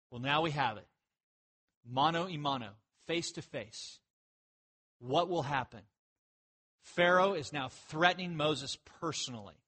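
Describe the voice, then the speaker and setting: A man preaching a sermon, telling jokey stories and breaking into animated outbursts. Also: on the high side. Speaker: pastor.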